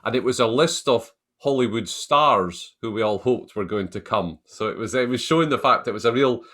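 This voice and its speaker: A man moderating a business panel over a video call, polite and measured as he passes turns to the speakers. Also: medium pitch, fairly bright tone. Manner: measured, polite, turn-giving.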